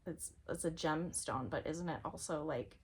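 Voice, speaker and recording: A woman vlogging in a casual, rambling monologue about spirituality. She is chatty and animated, and sometimes drops to a near-whisper. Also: low voice, moderate pace, slightly rough.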